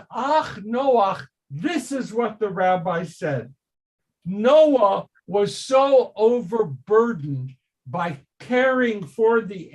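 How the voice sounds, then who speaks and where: Older male rabbi, high-pitched voice, slow deliberate teaching, quizzes the class. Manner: slow, emphatic, rhetorical questions to the class. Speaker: rabbi teaching Torah study. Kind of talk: informal Torah study class.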